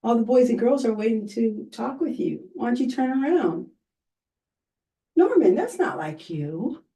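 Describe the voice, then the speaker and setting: A woman hosts a children's program, speaking to the young viewers in a high voice and at an unhurried pace. She is animated and exclaims often, and her voice sits a little back from the microphone. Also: recorded from a distance, rough recording. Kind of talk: children's show presenting.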